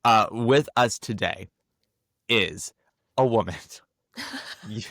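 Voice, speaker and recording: A man hosting a podcast, hoarse from laryngitis, chatting in a campy, teasing way. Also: on the low side, a bit bright, no echo, clean studio sound. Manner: campy, teasing, quick jokes. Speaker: podcast host. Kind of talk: casual chat.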